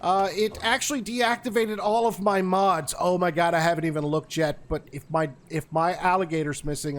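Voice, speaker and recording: A man giving animated, exasperated commentary while he plays a survival game, often talking straight to the game itself. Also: sits high, moderate pace, hardly any pauses. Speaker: gaming YouTuber.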